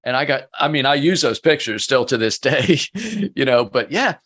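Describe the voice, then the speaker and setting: Middle-aged male business coach as a guest, easygoing storyteller with a self-mocking streak, mid-pitched voice. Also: big pitch swings, normal speed, fairly bright tone. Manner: chatty, self-mocking storyteller who laughs often. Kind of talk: casual storytelling interview.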